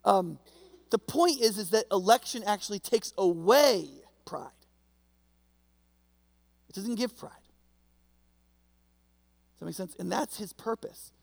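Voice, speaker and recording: A man's voice: high-pitched, creaky, long reverb tail. A man preaching a sermon as pastor, conversational and storytelling, often checking in with his listeners.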